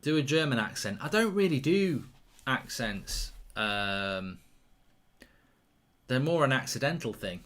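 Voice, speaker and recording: Bright-voiced man on a live watchalong. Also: medium pitch, unhurried, long pauses. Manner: excitable, reacts loudly to chances, reads out viewer questions. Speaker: host of a live football watchalong. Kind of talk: live match commentary and chat with viewers.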